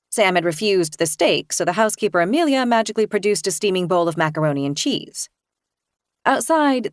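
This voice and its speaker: A woman reading a first-person thriller as an audiobook narrator, in a measured, even storytelling manner. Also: mid-range voice, no echo, clean studio sound.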